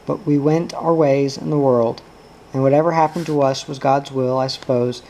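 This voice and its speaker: A man's voice: mid-range voice, steady tone, normal speed, a little mellow, a little hiss or hum, lightly acted, low-quality recording. A man voicing an older widowed farm woman, pious and weary, speaking plainly and mournfully.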